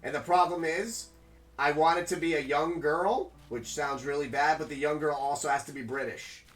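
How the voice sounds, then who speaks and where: A male streamer chatting loosely with his viewers while he plays, rambling from one thought to the next. His voice sits a little high. Faint music runs quietly underneath. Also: steady tone, normal speed. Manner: rambling, chatty, talks to chat. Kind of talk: casual live-stream chat while gaming.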